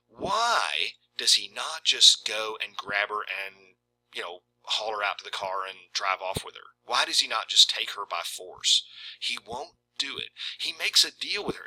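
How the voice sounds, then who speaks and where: A man talks through a short story in a loose, conversational way and keeps checking in with "right?". His voice is very bright and sharp. It sits at an ordinary male pitch. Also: husky, low-quality recording. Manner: conversational, frequent "right?" asides. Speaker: literature video presenter. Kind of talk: casual discussion of a short story, reading passages aloud.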